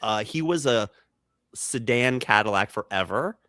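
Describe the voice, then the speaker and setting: A man's voice: measured pace, no echo, clean studio sound. A man co-hosting a comedy podcast, telling stories in casual chat and acting out the people in them. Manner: animated, acts out quoted people with jumps in pitch. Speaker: podcast co-host.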